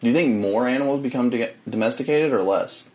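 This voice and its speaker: A man's voice: mid-range voice, fast, darkish tone. Laid-back young man, podcast co-host. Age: young adult. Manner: laid-back, short agreeing replies, casual slang. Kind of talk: casual chat.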